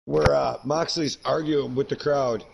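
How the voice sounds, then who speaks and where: A man's voice: medium pitch, fairly even intonation, measured pace, vocal fry, slightly rough, lo-fi sound. A man co-hosting a podcast, retelling a wrestling segment blow by blow, laughing and swearing. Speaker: podcast co-host. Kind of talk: casual wrestling review chat.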